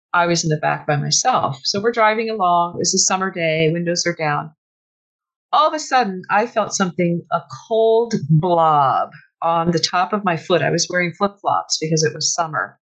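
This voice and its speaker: A woman author telling stories from her research in an animated conversational way, with sudden bursts of laughter. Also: on the low side, moderate pace, poor audio. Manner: animated, breaks into shrieks and laughter when retelling. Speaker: author guest. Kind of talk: conversational storytelling.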